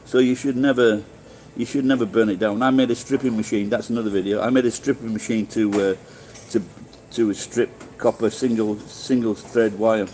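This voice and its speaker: A man's voice: fairly low pitch, steady tone, moderate pace, few pauses, a little mellow, slight background noise, rough recording. A middle-aged man with a Sheffield accent, live-streaming and chatting casually with viewers in a rambling, swearing way with many restarts. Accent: Sheffield English. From England.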